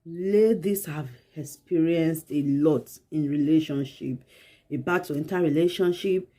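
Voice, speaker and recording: A woman host closes out her video by speaking straight to her viewers and calling them guys. Her voice sits a little low. Her manner is plain and direct. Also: unhurried, dark tone. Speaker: channel host.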